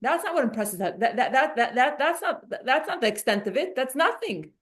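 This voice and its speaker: A woman teaching a Torah class, animated and restarting her sentences often. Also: sits high, a little fast. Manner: animated, many restarts and repeated words.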